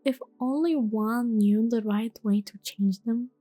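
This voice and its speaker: Woman softly voicing a polite curious young girl. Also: a little high, a little slow, dry recording, soft background music. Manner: polite, gentle, slightly timid. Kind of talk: whispered role-play.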